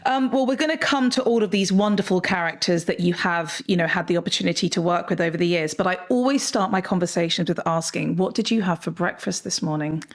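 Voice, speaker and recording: A woman hosting a food podcast, speaking in a bright, enthusiastic, polished way. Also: lowish voice, fast, hardly any pauses. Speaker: podcast host. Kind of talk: ad read and interview hosting.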